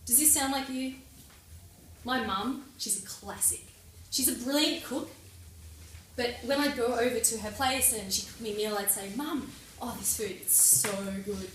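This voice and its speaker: A young woman delivers a prepared speech in a lively, personal way, her voice sitting a touch high. She is heard from a distance in a very echoey meeting room, with a faint hiss underneath. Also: normal speed, long pauses. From Australia. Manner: lively, personal, lightly humorous. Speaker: club speaker.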